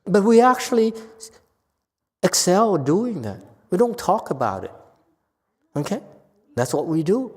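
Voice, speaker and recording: A man giving an informal Buddhist dharma lecture, talking conversationally with animated bursts and frequent restarts. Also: on the high side, unhurried, long pauses, husky. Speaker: Buddhist teacher. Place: temple lecture hall. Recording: long hall reverb.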